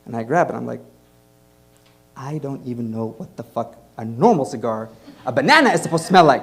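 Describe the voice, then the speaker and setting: A man's voice: medium pitch, brisk, vocal fry. A man from Egypt performing stand-up and hosting, telling a travel story and acting out the voices of the people he met. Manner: animated, acts out other voices. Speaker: comedian and host. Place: comedy club stage.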